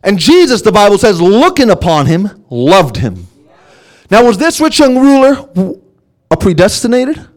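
High-voiced, animated male preacher. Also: normal speed. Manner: emphatic preaching, swinging from hushed asides to loud exclamations. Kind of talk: sermon.

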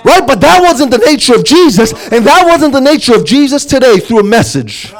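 A man preaching a sermon, emphatic, dropping to hushed asides and then rising to loud exclamations. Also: extremely high pitch, sing-song, brisk.

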